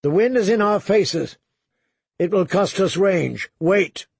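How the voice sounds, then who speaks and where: A young commander barking battle orders, as a male reader puts him on. He shouts each command high and urgent, with a gravelly, husky edge to the voice and a dry, close sound. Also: takes it slowly, no echo, heavily acted.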